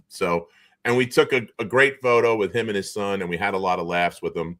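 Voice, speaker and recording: A man's voice: lowish voice, fairly quick. A middle-aged man with a Boston accent telling stories on a video call, acting out the voices of the people he quotes. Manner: animated storyteller who acts out quoted voices. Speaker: guest. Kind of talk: storytelling in casual chat.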